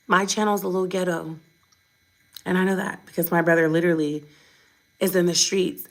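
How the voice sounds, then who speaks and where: Woman vlogger, slightly low voice, tired, blunt and defiant, unscripted direct-to-camera talk. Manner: blunt, defiant, chatty and emphatic. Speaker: vlogger, mother.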